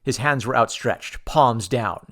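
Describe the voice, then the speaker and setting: A man reads a pulp adventure audiobook in the first person. His delivery is measured and dramatic, set at an ordinary middle pitch. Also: fairly bright tone. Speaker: audiobook narrator. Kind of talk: scripted first-person narration.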